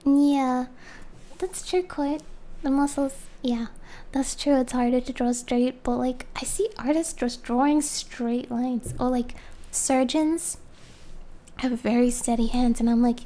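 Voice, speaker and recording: Giggly high-voiced woman streamer. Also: fairly even intonation, takes it slowly, long pauses, dark tone. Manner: giggly, rambling and chatty. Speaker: streamer and artist. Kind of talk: casual live-stream chat. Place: home, background noise heard. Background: faint lawnmower noise.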